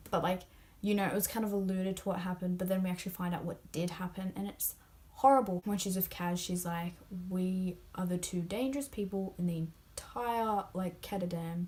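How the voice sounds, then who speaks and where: A woman's voice: on the low side, darkish tone, slight background noise. A young woman chatting casually about a novel she loved, gushing, full of fillers and often dropping into a whisper. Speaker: book vlogger. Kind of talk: casual spoiler discussion of a novel.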